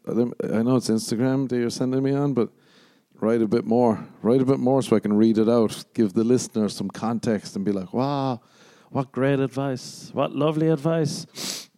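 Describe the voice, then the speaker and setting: A young Irish man hosts a podcast solo, rambling casually, swearing a lot and making fun of himself. His voice sits on the low side with a warm tone, captured in a dry recording.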